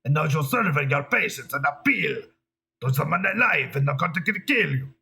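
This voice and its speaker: A man's voice: fairly high pitch, expressive, a little fast, vocal fry, bright, forceful tone, slightly rough, full character voice. A man putting on the voice of a pompous old male dictator, speaking in mock-foreign gibberish and declaiming grandly.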